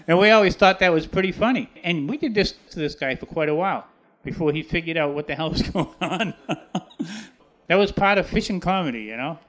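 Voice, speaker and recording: A man's voice: fairly high pitch, expressive, a little fast, fairly bright tone. A man, a shell fisherman, telling a story with amusement. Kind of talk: storytelling interview.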